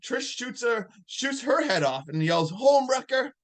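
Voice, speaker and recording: Animated man recapping a movie. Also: high-pitched, unhurried. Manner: animated storytelling, laughing often. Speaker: podcast co-host.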